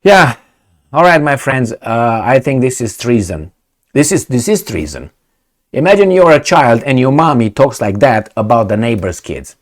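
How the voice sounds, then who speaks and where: Middle-aged male commentator, mocking rant, lively swinging pitch. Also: normal speed. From Romania. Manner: sarcastic, heated, mocking. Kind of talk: ranting video commentary.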